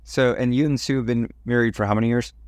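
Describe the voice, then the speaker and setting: A man from Cleveland hosting a podcast interview, asking questions and telling his own stories in a chatty, animated way. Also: mid-range voice, fast talker, no echo, clean studio sound. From Cleveland, USA. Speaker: podcast host. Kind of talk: interview with personal anecdotes.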